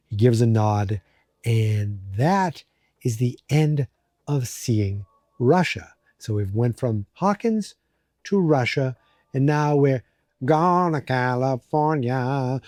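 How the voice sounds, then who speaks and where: Male podcast host, casual recap, warm dark tone, dry sound, rambly and jokey. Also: mid-range voice, slow pace, dry recording. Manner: rambling, joking, many fillers.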